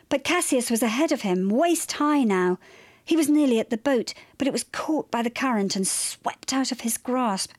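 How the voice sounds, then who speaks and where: Woman, storybook narration, lively expressive reading, highish voice, dry close sound. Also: no room sound.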